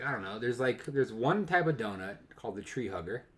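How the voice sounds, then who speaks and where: A young man co-hosting a casual podcast, ranting and telling stories in an animated way that swings from low mutters to loud bursts. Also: fairly quick, noisy background. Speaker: podcast co-host. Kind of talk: casual chat.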